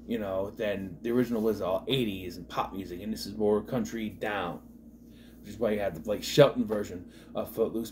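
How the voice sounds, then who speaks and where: A man's voice: fairly low pitch, a little mellow, a little hiss or hum. Rambling man reviewing a movie. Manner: rambling, full of "you know" and restarts. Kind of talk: casual movie review commentary.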